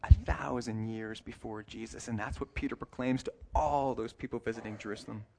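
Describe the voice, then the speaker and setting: A man's voice: mid-range voice, fairly even intonation, creaky, warm tone. Conversational male pastor preaching. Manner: conversational preaching with self-corrections and light humor; reads scripture passages slowly and deliberately. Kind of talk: sermon.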